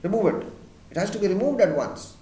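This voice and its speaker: A man's voice: sits high, expressive, fast, dark tone, slight background noise, pitched above the performer's own voice. A man reading aloud as a fussy, indignant lady of the house in a roomy room.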